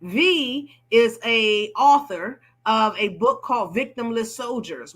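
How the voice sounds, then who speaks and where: A woman's voice: on the high side, sharp tone. A woman hosting a live panel talk, affirming her guests and explaining for viewers. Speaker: host.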